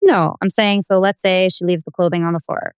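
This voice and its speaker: A mother of four works through her questions in a halting way, restarting often as she searches for words. Her lowish voice is smooth and clear, and the recording is dry and close. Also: steady tone, no room sound. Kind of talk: conversational interview.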